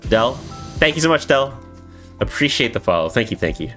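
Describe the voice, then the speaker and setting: A man's voice: medium pitch, very animated, brisk, a bit bright, faint music behind. A man streaming live, chatting casually with viewers in a rambling, swearing way with lots of filler words.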